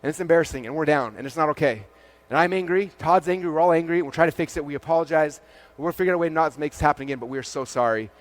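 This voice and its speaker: Speaking to a live audience from a large conference stage, a man in his forties gives a spirited keynote in a fairly high voice. Frequent "like"s and rapid acted-out quotes mark his delivery.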